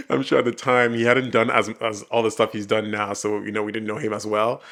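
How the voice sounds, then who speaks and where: A man's voice: on the low side, level tone, fairly quick, creaky, fairly bright tone. A man giving casual reaction commentary on a TV episode, rambling with many fillers and restarts and laughing often. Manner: laughs often while talking. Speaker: reaction video host.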